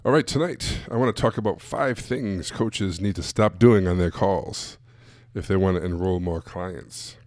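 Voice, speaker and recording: A man's voice: low voice, unhurried, a little mellow, no echo, studio quality. Blunt man teaching sales on a livestream. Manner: blunt, direct, repeats phrases and poses rhetorical questions. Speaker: sales coach. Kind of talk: live-streamed teaching.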